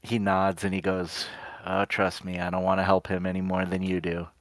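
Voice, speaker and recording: Low and completely flat in delivery, a man narrates Gadri's moves in a tabletop game and then speaks as the character. He goes at an unhurried pace, leading into every line with "he goes," in an echo-free recording.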